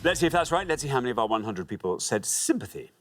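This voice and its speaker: A man's voice: mid-range voice, big pitch swings, racing, fairly bright tone. A man hosting a TV quiz show, chatty and jovial with the contestants. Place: TV studio.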